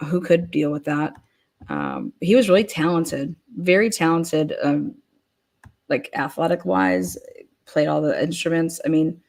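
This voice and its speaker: A woman's voice: low-pitched, darkish tone. A woman giving blunt, profane casual commentary, often acting out what others might say. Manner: blunt, profane, acts out people in quoted rants.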